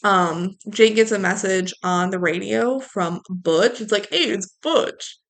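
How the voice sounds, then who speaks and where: A woman's voice: mid-range voice, unhurried. A woman co-hosting a podcast, chatting casually through a movie recap, laughing and quoting characters. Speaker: podcast co-host.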